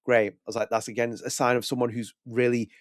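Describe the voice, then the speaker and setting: Fast-talking male podcast co-host. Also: medium pitch, level tone, dry recording, clean studio sound. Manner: rapid, rambling, with frequent restarts and quoted asides. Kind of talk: casual game review chat.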